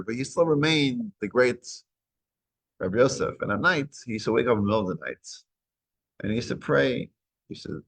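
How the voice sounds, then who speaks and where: A man's voice: medium pitch, creaky, fairly bright tone. A man teaching a weekly Torah class, retelling a story and acting out its dialogue. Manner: acts out dialogue in retold stories.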